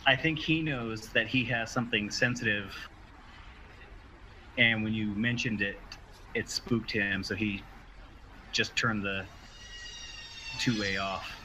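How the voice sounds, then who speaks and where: A man narrating a tabletop game as game master over an online voice call, with a bright, forceful tone and a slightly low pitch. He explains rulings patiently, often restarting his sentences. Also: slow, pauses often, a little hiss or hum, poor audio.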